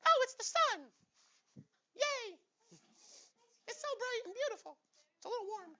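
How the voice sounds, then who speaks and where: A man doing a squeaky, giddy voice of someone gushing up close to the sun, on a dull lo-fi recording. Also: lively intonation, unhurried, sharp tone, full character voice.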